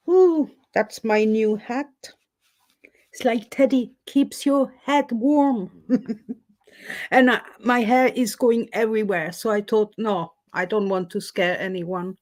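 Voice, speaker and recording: Slow-talking woman hosting a livestream. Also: on the high side, darkish tone. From Switzerland. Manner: chatty, greets viewers by name, many fillers. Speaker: livestream host. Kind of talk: casual live-stream chat.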